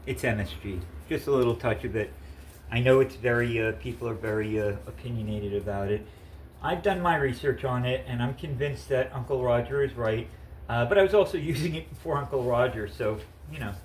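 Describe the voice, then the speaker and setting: A man's voice: medium pitch, fairly quick, poor audio. Man, chatty home cook, rambling, fillers, faint background hum. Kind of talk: casual cooking chat. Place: home kitchen.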